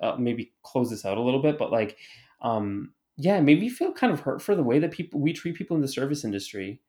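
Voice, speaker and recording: A man's voice: medium pitch, very animated, brisk, darkish tone. A man co-hosting a podcast, telling a story in casual chat, rambling with lots of fillers, restarts and swearing. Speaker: podcast co-host.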